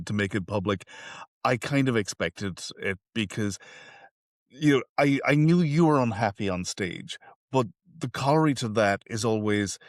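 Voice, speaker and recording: A man's voice: lowish voice, no echo, clean studio sound. A man hosting a podcast interview, talking in a reflective, rambling way. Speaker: podcast host. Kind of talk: casual interview.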